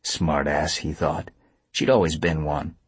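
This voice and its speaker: Male narrator, low and even, husky, dry studio read. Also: measured pace, no room sound. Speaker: audiobook narrator. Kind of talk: scripted narration.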